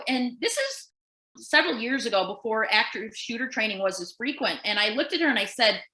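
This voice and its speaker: Talking briskly in a higher voice, the woman, a nurse and podcast co-host, relates a story in a relaxed way while acting out the quoted voices of its characters. The audio is poor and echoey.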